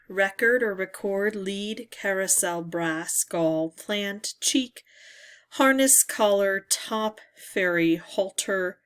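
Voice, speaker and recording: Slow, musing woman at a word puzzle. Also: mid-range voice, fairly bright tone. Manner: slow, musing, reads words aloud one by one. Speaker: word game video host. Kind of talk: casual puzzle talkthrough.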